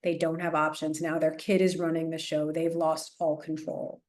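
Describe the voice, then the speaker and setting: A woman speaking as a parenting expert guest in a casual podcast interview, animated and chatty, with frequent restarts, fillers and little laughs. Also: deep voice, moderate pace. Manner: laughs often while explaining.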